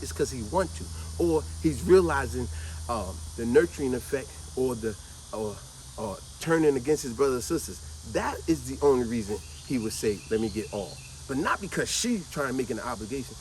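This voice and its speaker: A man telling a childhood story in a casual, animated way, acting out the people he quotes and often saying "man". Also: on the high side, slight background noise. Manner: animated, acts out quoted voices, repeats "man".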